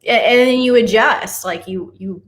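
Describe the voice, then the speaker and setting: A woman's voice: on the high side, normal speed. A woman guesting on a casual sports podcast, chatting with frequent laughs and lots of "like.".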